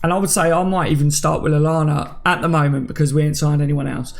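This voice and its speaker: A man in his thirties with a slightly high, gravelly voice, hosting a casual live stream. He chats with viewers like mates, calling them by name as he reads their comments. His talk is loose and friendly. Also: steady tone, fast. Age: 30s. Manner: chatty, banters with viewers by name. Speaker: livestream host.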